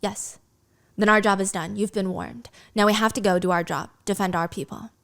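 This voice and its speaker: A woman voicing a stern woman warrior who reports grim news in a low, clipped voice. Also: normal speed, gravelly, a bit bright. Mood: grave.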